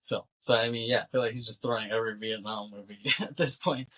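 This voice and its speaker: A man with a bright, forceful tone and a fairly low pitch, chatting loosely as a podcast co-host. He rambles through a movie's plot and slips into quick voices for the characters. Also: low-quality recording. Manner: rambling, animated, acts out characters' lines. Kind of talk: casual movie recap chat.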